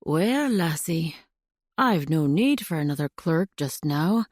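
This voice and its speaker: A kindly bearded shopkeeper with a soft Scottish lilt, voiced by a woman narrator. He speaks gently, in a low, mellow voice, recorded close and dry. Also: lively intonation, takes it slowly, dry recording, exaggerated voice.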